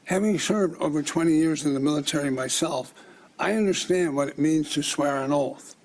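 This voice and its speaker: A man's voice: on the high side, normal speed. A middle-aged man from Minnesota with a Minnesotan accent, giving formal public testimony in a declamatory, accusing manner.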